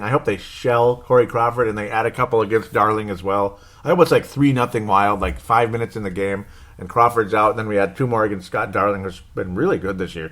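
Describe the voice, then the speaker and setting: A man talks through his thoughts in a loose, rambling way, often catching and correcting himself mid-sentence. His voice sits somewhat low, and an anxious, wry edge runs through it, with frequent small chuckles. It has the unscripted feel of a casual solo podcast host. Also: fairly bright tone. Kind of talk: casual solo sports commentary.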